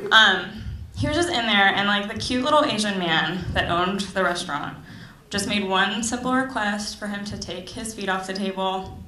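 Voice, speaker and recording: A young woman from Florida doing stand-up in a comedy club, her voice bright and sharp. She talks in a chatty, sarcastic way full of "like" fillers, and the room gives back a roomy echo. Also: mid-range voice, normal speed, hardly any pauses. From Tampa Bay, Florida. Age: young adult.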